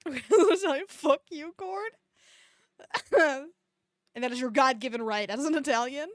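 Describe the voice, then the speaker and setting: A woman's voice: high-pitched, slow pace, no room sound, studio quality. A woman streamer reading a fan fiction aloud, breaking off to mock it with sarcastic, swearing asides. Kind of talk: comedic dramatic reading with commentary.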